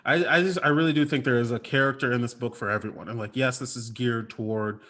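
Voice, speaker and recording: A man's voice: mid-range voice, fairly even intonation, fast, fairly bright tone. A man talking as a comic writer on a panel, enthusiastic and rambling with lots of fillers, over a video call. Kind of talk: casual panel chat.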